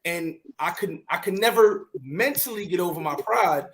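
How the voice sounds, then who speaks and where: A man hosting a casual talk show, telling a personal story in an animated way, repeating words and acting out his own shouting. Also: high-pitched, normal speed, slight background noise, rough recording. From New York. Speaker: podcast host.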